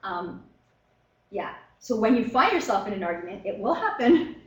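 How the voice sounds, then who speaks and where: A woman teaching a professional workshop in a relaxed, conversational way, with many fillers and short acted-out exchanges. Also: medium pitch, moderate pace, echoey room, low-quality recording. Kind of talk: lecture to a professional audience. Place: meeting room.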